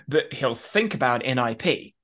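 Male podcast co-host, average pitch, lively explainer with asides. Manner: animated explaining, quick asides. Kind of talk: casual conversation.

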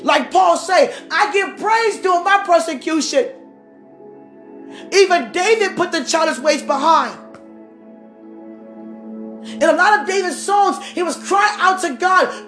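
A woman preaching a sermon with passion, rising to shouts and calling on the congregation. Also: very high-pitched, animated, measured pace, long pauses. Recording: echoey room with faint music.

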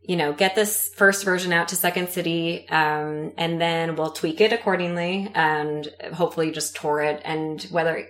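A woman's voice: low voice, normal speed, hardly any pauses, echoey room. A woman in her thirties, chatting as an interview guest and telling stories with acted-out voices. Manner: animated storyteller, acts out quoted voices. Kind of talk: casual interview chat.

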